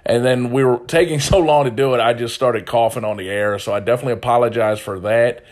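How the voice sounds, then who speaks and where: A man's voice: medium pitch, steady tone, quick pace. A man hosting a casual podcast, talking in a rambling, profane, self-deprecating way. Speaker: podcast host.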